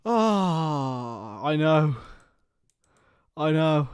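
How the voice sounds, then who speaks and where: A young man hosting a casual live stream, chatting with viewers by name and bursting into excited shouts. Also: a little high, drawn-out words, clean tone, dry recording, clean studio sound. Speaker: livestream host.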